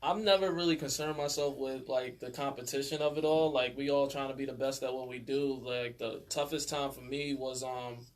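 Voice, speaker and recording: Interview guest, male DJ from Albany; rambling, laid-back anecdotes, monotone mid voice. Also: mid-range voice, normal speed, hardly any pauses. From Albany, New York, USA. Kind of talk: casual interview storytelling.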